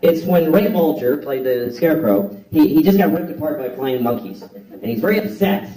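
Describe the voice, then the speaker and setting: Man doing stand-up, blunt, profane, acts out voices; lively high pitch, recorded far off in an echoing theater over crowd laughter. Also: normal speed. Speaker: stand-up comedian. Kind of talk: stand-up comedy routine. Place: theater stage before a live audience. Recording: echoey hall, distant mic, audience laughter.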